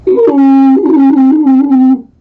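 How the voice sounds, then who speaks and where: A woman's voice: high-pitched, faint music behind. Woman doing a puppy mooing and oinking. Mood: silly. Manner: loud, drawn-out animal sounds. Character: eager male puppy making wrong animal noises. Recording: distant muffled mic with faint hiss.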